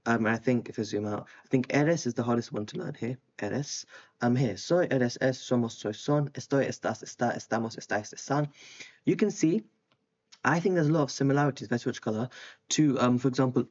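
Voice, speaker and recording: Young man tutoring Spanish, lo-fi. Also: mid-range voice. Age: young adult. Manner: relaxed, thinks aloud with frequent ums while writing. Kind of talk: casual explanatory lesson. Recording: slightly dull lo-fi sound.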